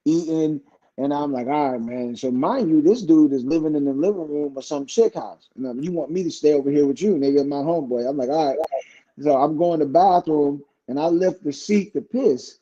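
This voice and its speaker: Brief: man from Cleveland, slightly higher voice, animated and profane storyteller, dull lo-fi recording. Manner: animated storyteller, profane, acts out quoted people. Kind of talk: casual chat. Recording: dull lo-fi sound.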